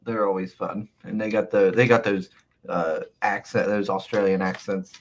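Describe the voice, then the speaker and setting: A man's voice: fairly low pitch, level tone, moderate pace, a little hiss or hum. A man hosting a casual livestream, reading out the chat and laughing along. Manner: laughing, talks back to chat. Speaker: livestream host.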